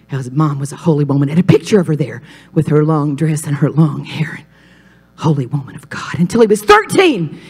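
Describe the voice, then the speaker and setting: A woman from Mississippi, a pastor's wife telling her testimony on a talk show, animated and dropping to hushed whispers for emphasis. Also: deep voice, quick pace, slightly rough, soft background music. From Mississippi, USA.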